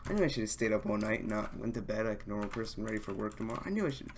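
Young male streamer, excitable and foul-mouthed, casual desk mic, faint keyboard clicking behind. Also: on the low side, racing, noisy background. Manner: excitable, swears a lot, fanboying. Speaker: gaming live streamer. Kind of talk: casual live-stream commentary. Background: keyboard typing and mouse clicks.

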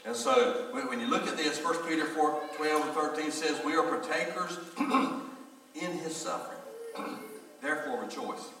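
A man's voice: a little high, pushed and bright. A middle-aged man, a pastor telling folksy stories and speaking straight to his congregation. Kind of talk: sermon. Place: church sanctuary. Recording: echoey church hall from far off.

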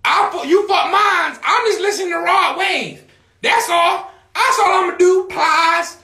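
A man hosting a livestream, talking casually to his viewers in a loud, rambling, profane way and often shouting. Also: extremely high pitch, a little slow, echoey room.

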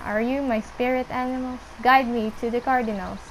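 A young woman casually commenting on her gameplay, chatting to the animals on screen and squealing when excited. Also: on the high side, normal speed, a little hiss or hum, poor audio. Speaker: gameplay streamer.

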